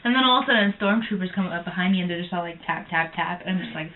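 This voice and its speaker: A young woman chatting casually in a vlog, giggling and acting out what people said in a higher voice. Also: rapid-fire. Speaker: vlogger recapping a convention. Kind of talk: casual chat. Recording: tinny phone-like audio, faint noise.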